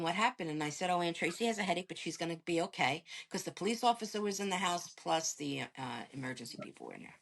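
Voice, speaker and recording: A woman, a podcast guest, casually telling a family story and acting out the dialogue as she goes. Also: low voice. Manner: animated retelling that acts out quoted dialogue. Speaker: podcast guest, caregiver sister.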